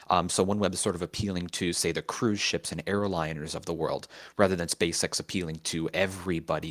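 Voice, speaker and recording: A man co-hosting a casual live show, explaining a topic in a relaxed way with many ums. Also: deep voice. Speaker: co-host, writer.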